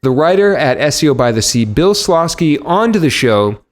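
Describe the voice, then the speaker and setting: A man hosting a podcast, giving an energetic, upbeat intro to his episode. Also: on the high side, normal speed. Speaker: podcast host.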